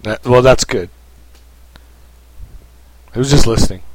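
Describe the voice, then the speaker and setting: A man's voice: mid-range voice, measured pace, no echo, low-quality recording. A man co-hosting a podcast in casual, jokey banter with a friend. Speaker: podcast co-host. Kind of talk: casual chat.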